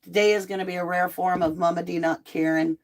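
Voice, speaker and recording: A middle-aged woman chats casually into a home desk mic. She is blunt and animated, and she throws in lively asides. She sounds a little sick from a cold and cough medicine. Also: on the low side, quick pace, gravelly. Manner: chatty, blunt, animated asides and mock quotes. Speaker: host of a live true crime tarot chat. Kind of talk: casual livestream chat.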